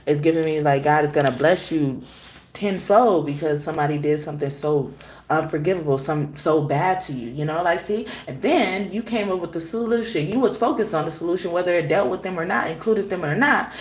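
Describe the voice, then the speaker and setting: A woman's voice: lowish voice, fairly quick. Chatty woman tarot host, roomy echo. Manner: chatty, laughs often, loose storytelling. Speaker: tarot reader and show host. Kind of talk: casual tarot reading chat.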